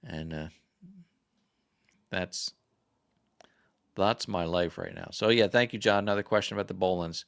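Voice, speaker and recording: Low-voiced man chatting on a livestream. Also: measured pace, long pauses, fairly bright tone, smooth. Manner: rambling, chatty, self-correcting. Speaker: livestream host. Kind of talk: casual livestream chat.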